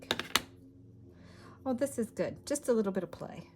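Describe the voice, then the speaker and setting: A woman's voice: on the high side, lively intonation, moderate pace, noisy background. A woman hosting a crafting video, thinking aloud as she works and muttering half to herself. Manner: talks to herself while working, trailing off and muttering. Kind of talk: casual crafting commentary.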